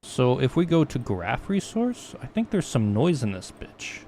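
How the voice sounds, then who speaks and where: A man's voice: medium pitch, sing-song, unhurried, dark tone. Young adult male streamer, mid-range voice, loose and profane, self-mocking asides, faint hiss underneath. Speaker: streamer teaching 3D texturing. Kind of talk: casual live-stream tutorial.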